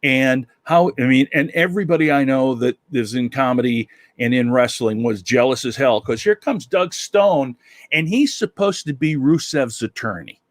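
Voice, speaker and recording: A man spins wrestling anecdotes in loose, halting podcast chat, stopping and restarting his sentences. He gets animated when something amuses him. His pitch is average, and the recording is dry and close. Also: no room sound. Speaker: podcast co-host. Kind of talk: casual chat.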